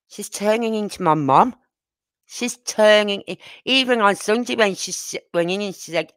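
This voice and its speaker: A middle-aged grandmother, speaking as an interviewed neighbour, tells rambling stories and keeps checking the listener follows with "you know what I mean." Her mid-range voice is fairly bright at normal speed, recorded dry.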